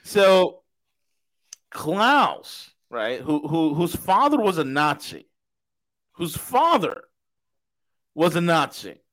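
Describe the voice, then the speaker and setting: A man co-hosting a casual political podcast, talking in an animated, mocking way and ranting with scorn. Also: on the high side, takes it slowly, long pauses, low-quality recording. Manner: animated, mocking, puts on comic accents. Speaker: podcast co-host.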